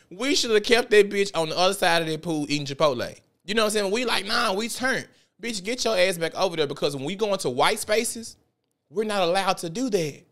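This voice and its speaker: Animated young Memphis man, profane storyteller. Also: sits high, fast. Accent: Southern US, Memphis. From South Memphis, Tennessee. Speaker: podcast host. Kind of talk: casual podcast monologue.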